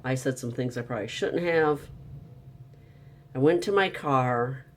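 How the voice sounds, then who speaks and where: A man's voice: medium pitch, unhurried, slight background noise. A man telling a frustrating story in a casual, upset monologue, venting and exasperated. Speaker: vlogger.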